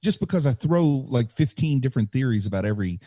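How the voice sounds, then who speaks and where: A man co-hosting a podcast, musing in an animated way and trading theories in casual chat. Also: medium pitch, quick pace, no room sound, clean studio sound. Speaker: podcast co-host.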